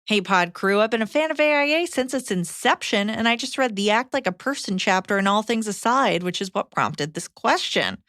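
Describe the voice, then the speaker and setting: A woman co-hosting a podcast, reading listener letters aloud in a brisk, deadpan way. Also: medium pitch, no room sound, clean studio sound. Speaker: podcast co-host.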